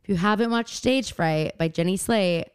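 A woman's voice: medium pitch, normal speed, clean tone, dry recording, clean studio sound. A young woman co-hosting a casual podcast, telling stories animatedly with lots of fillers and laughs. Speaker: podcast co-host. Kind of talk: casual chat.

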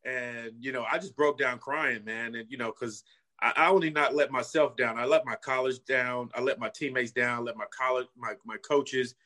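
A middle-aged man from California with a bright, forward tone recounts his past as a former football player. He talks earnestly and casually, peppering his story with "you know" and "man," at an everyday pitch. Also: steady tone, normal speed.

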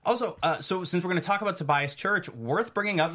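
A man's voice: high voice, brisk, few pauses, bright, forceful tone. A man co-hosting a fan after-show, enthusiastically explaining comic book background. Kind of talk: casual chat.

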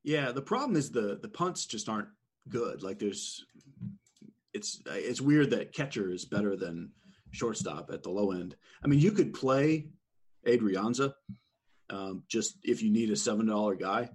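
A man giving measured fantasy sports advice in a casual chat, with a dry sense of humor. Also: lowish voice, expressive, darkish tone, husky. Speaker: fantasy sports analyst guest.

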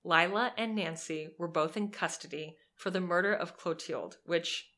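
A woman's voice: fairly low pitch, moderate pace. Sarcastic, swearing young woman storyteller. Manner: lively, sarcastic, swears freely. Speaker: podcast co-host telling a true crime story. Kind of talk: casual storytelling chat.

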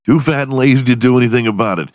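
A man's voice: mid-range voice, very fast, dry recording, studio quality. A man hosting a podcast alone in his room, delivering a profane, self-mocking comedic rant. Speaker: podcast host.

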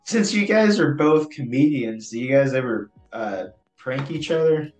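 A man's voice: mid-range voice, expressive, measured pace, darkish tone, faint music behind. Roomy, off-mic male interviewer. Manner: brief, slightly hesitant questions. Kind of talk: casual interview questions.

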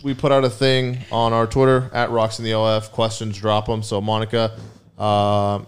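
A man's voice: on the low side, level tone, moderate pace, clean tone. A man co-hosting a casual sports podcast, joking, swearing and steering the questions. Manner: profane, joking, steers the segment. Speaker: podcast co-host.

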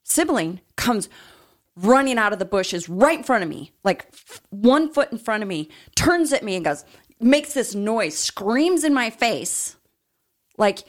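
A woman co-hosting a podcast, telling stories in casual chat in an expressive way, often laughing. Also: a little high, measured pace. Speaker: podcast co-host.

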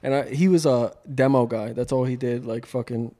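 A man's voice: mid-range voice, steady tone, warm tone. A man, chatting casually and profanely on a podcast, telling stories about coworkers. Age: 20s. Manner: profane, storytelling, quick to mimic coworkers. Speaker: podcast co-host. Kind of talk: casual chat.

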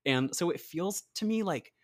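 A man's voice: a little high, animated, moderate pace, no echo, studio quality. A man co-hosting a podcast, telling a history story in a chatty, casual way with lots of "like". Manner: chatty, uses "like" often, acts out quotes. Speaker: podcast co-host.

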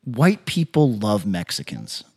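A man's voice: fairly low pitch, wildly swooping pitch, measured pace, breathy edge. A man co-hosting a podcast, talking in brash, profane, joking banter. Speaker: podcast co-host. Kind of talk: casual crude podcast banter.

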